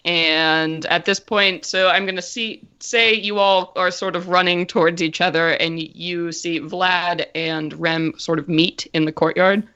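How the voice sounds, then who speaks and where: A woman's voice: fairly low pitch, fairly even intonation, unhurried, few pauses, pushed and bright, clear, resonant tone, dull audio. A woman narrating a tabletop game as game master, telling the scene in a chatty, descriptive way with many fillers.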